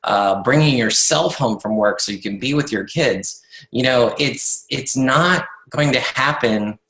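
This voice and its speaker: A man with a bright, forceful voice gives a motivational talk to his coaching team. He speaks earnestly and conversationally, with frequent fillers and restarts. The sound is roomy and echoey. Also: mid-range voice, measured pace. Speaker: network marketing coach leading a team call.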